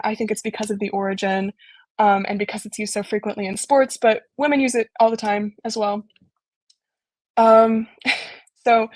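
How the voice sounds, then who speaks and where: A woman's voice: fairly high pitch, no echo. Young woman explaining casually over a video call. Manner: relaxed, filler-heavy explaining with frequent ums and likes. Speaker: embassy intern presenting a virtual talk. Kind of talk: casual online presentation.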